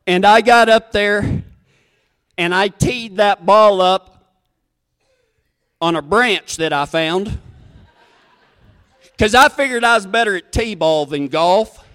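High, smooth-voiced man telling yarns. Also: slow pace, pauses often, a bit bright. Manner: drawling, folksy, self-mocking. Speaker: storyteller. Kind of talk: country stand-up storytelling.

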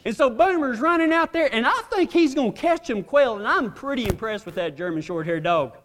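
A man's voice: very high voice, expressive, fairly quick, a bit bright. A man preaching a folksy, humorous sermon, telling a story with drawling asides and laughing along. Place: church hall. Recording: long hall reverb.

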